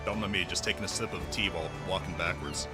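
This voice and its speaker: A man streaming a game, excitable and profane, reacting loudly and reading dialogue aloud. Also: low voice, quick pace, over loud music. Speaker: VTuber streamer. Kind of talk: casual gaming stream.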